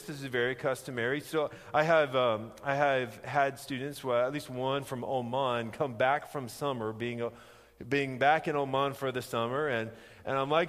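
A male preacher delivering an animated sermon, his voice sitting a little high for a man. He acts out the quoted lines and slows down on key words, often restarting his sentences. A long reverb hangs on every word, as in a large hall. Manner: animated storytelling, acting out quoted lines with rising pitch; frequent restarts, slows down for emphasis.

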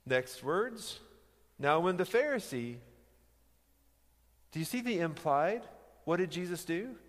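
A man's voice: high-pitched, very animated, takes it slowly. A man preaching a sermon, teaching conversationally with emphatic rhetorical questions. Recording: long hall reverb.

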